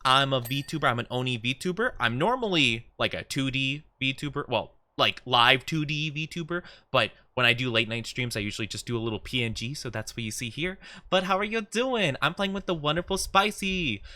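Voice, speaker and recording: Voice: medium pitch, normal speed, few pauses, pushed and bright, no room sound. A streamer chatting casually while gaming and greeting viewers by name in a bubbly way. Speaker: streamer, VTuber host. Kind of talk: casual live-stream chat.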